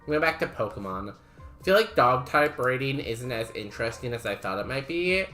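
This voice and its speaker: A man streaming a game, chatting casually and musing aloud in a wry, unhurried way. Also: mid-range voice, animated, sharp tone, faint music behind. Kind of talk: casual livestream chat.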